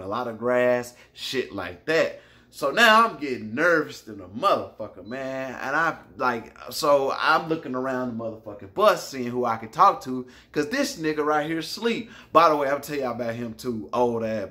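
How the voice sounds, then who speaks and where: A man telling a personal story in a casual vlog, animated and profane, often turning to address his listeners directly. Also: mid-range voice.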